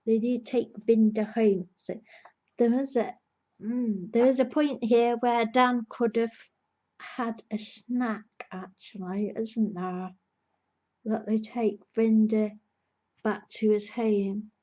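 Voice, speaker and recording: Brief: female TV reviewer, earnest invested fan, slow unhurried delivery, slightly dull lo-fi audio. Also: a little high, fairly even intonation, mellow. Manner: earnest, emotionally invested fan recapping the plot. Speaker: TV episode reviewer. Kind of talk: casual review vlog.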